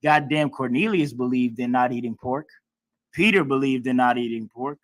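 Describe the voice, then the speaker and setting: A man's voice: medium pitch, moderate pace, no room sound. A man teaching a class in a preaching style, emphatic and blunt, with casual everyday speech and some swearing. He acts out other people's lines in mocking tones.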